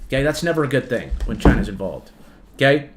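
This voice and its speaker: A man's voice: mid-range voice, very animated, fast, slight background noise. Emphatic man giving market commentary. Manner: emphatic, repetitive, peppers lines with "okay?" and "right?"; addresses viewers as "folks". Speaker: trading channel host.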